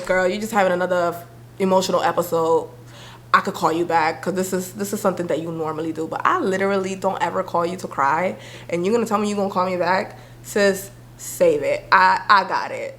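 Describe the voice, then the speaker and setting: Sassy, animated young woman vlogger. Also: mid-range voice, slight background noise. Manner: animated, sassy, acts out friends' voices. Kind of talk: candid talk to camera.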